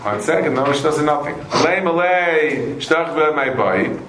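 A man teaching a Talmud class to students, animated and repetitive, mixing Aramaic and Hebrew terms into his English. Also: a little high, measured pace. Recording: echoey room, faint noise.

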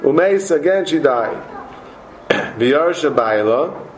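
A man teaches a Talmud class in a lively, animated way, often repeating words and joking with his students. His voice sits a little higher than most men's. The room around him is echoey. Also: takes it slowly, slight background noise.

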